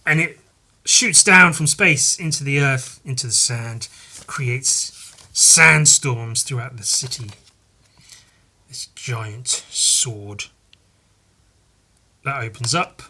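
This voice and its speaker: Male podcast host, casual and rambling; bright tone with a husky edge. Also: medium pitch, slow pace, pauses often. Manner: rambling, laughing, swearing, muttering asides. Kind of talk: casual chat, reading a comic aloud.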